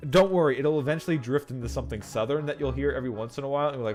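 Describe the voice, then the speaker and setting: A man's voice: medium pitch, racing, hardly any pauses. A man streaming a game, commenting casually with swearing and self-mocking jokes. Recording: game music behind.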